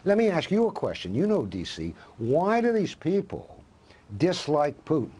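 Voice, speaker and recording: A male professor speaks as a guest on a televised news interview. His voice is slightly husky, and his pitch swings widely as he argues with passion. He keeps posing rhetorical questions. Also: huge pitch swings, normal speed, mellow. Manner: impassioned, asks rhetorical questions.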